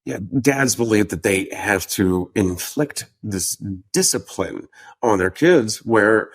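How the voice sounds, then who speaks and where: A man hosting a podcast, asking questions in a hesitant, halting way. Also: fairly low pitch, expressive. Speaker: podcast host. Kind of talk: interview questions.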